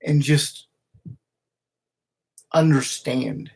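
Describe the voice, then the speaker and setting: A man records a heartfelt video message straight into a camera, his voice gravelly and a little husky. He talks in an emotional, halting way, stopping and restarting as he goes. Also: mid-range voice, a little mellow. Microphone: camera he speaks into.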